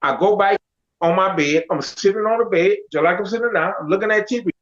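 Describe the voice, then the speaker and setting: A middle-aged man tells his life story in a high, lively voice and acts out the lines of the people in it. The recording sounds dull and lo-fi. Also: fairly quick. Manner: animated, quotes others in dialogue. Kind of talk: casual storytelling. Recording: dull lo-fi audio.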